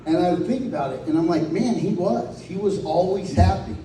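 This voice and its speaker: A man's voice: high voice, a little fast, warm tone, a little hiss or hum. A man giving a profane, comic eulogy at a memorial gathering, acting out the voices of the people in his stories. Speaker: eulogy speaker. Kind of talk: storytelling at a memorial. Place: hall at a celebration of life. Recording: echoey hall from far off.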